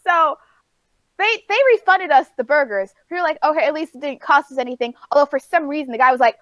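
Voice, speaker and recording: A woman co-hosting a casual podcast chat, telling an animated story with laughs and acted-out quotes. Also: high-pitched, fast, dry recording. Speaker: podcast co-host.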